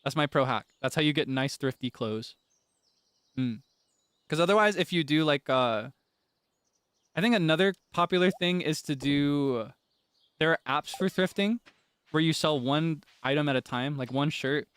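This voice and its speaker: A man's voice: fairly high pitch, moderate pace, pauses often, fairly bright tone, clear, resonant tone, no room sound. Chatty young man streaming with laughter. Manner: chatty, laughs often, dramatic outbursts of frustration. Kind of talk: casual gameplay chat.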